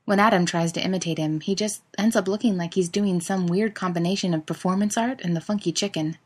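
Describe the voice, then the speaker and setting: A woman narrating fiction in a steady, expressive reading voice. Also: on the low side, a little fast, breathy edge.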